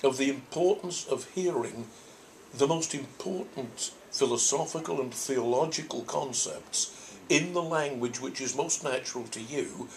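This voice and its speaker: A man's voice: medium pitch, slight background noise. An older man from Norfolk, a priest, answers audience questions in a thoughtful, rambling way with frequent restarts. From Norfolk, England. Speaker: priest and convention guest.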